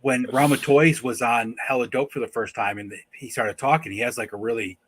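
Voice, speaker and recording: A man co-hosting a casual livestream, talking with enthusiasm and telling stories in an animated way. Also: medium pitch, fairly quick, slight background noise. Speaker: co-host guest.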